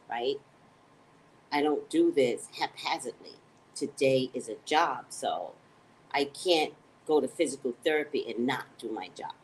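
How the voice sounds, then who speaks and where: Lively, rambling woman host. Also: a little hiss or hum, poor audio. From United States. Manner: rambling, profane, self-mocking, digressive; animated, swings into high excited tones. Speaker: psychic hosting a live morning show. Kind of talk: casual live-stream chat.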